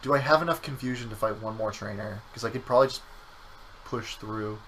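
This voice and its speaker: A man streaming a game, thinking aloud about his moves and reading the chat in a low-key way. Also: a little fast, fairly bright tone, slight background noise, rough recording. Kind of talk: casual let's-play chat.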